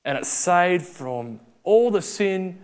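A man's voice: high-pitched, slow, clear, resonant tone. Aussie guy preaching to a youth crowd, chatty storyteller, voice swoops up and down. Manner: lively, conversational storytelling with acted-out quotes. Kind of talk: sermon.

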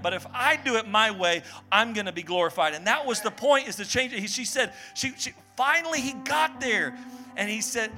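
A man delivers a fiery sermon, his voice strikingly high and bright. He drops low and soft, then climbs into shouted, repeating cries. Faint music plays beneath him in the church. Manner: passionate, building to shouts and repeated refrains. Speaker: pastor. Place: church sanctuary.

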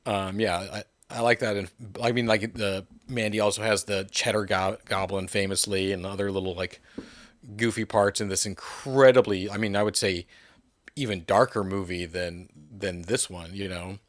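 A man in a casual film discussion, relaxed and agreeable with some casual swearing. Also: lowish voice, normal speed, dry recording, clean studio sound.

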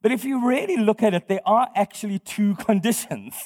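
High-voiced man preaching in a reverberant hall. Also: moderate pace, a little mellow. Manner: conversational, quizzes the congregation, laughs often. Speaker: pastor. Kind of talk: sermon.

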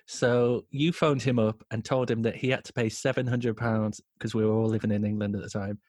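A man's voice: lowish voice, brisk, no echo, studio quality. A man in his thirties chatting casually and telling stories with lots of swearing. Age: 30s. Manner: sweary, animated storytelling. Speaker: podcast co-host. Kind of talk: casual comedic chat.

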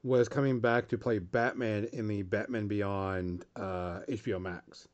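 A man's voice: lowish voice, steady tone, measured pace. Laid-back man, muffled lo-fi sound. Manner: laid-back, laughs often. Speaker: podcast co-host. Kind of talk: casual chat. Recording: dull lo-fi audio.

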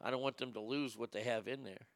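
A man's voice: mid-range voice, steady tone, quick pace, slight background noise. A man hosting a casual show, reading news headlines aloud with mock drama and swearing through joking reactions. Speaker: podcast host.

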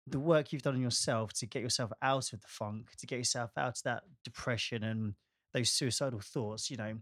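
A man's voice: mid-range voice, a little fast, fairly bright tone, no room sound, studio quality. A man chatting as a friend and co-host, speaking encouragingly and supportively. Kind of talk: casual podcast conversation.

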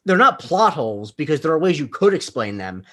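A man's voice: fairly high pitch, sing-song, a little fast, bright, forceful tone. A man recapping a TV episode in casual podcast chat, rambling with many fillers and joking at his own expense. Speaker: podcast co-host.

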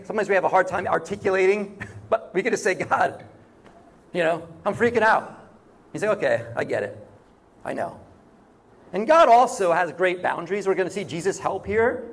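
A man preaching a sermon in a conversational way, often acting out short quoted voices. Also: high voice. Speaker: pastor.

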